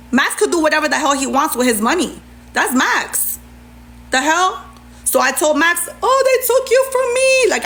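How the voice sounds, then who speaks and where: Sassy woman venting on a livestream. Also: on the high side. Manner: sassy, animated, talks back to her chat. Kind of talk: venting on a live stream.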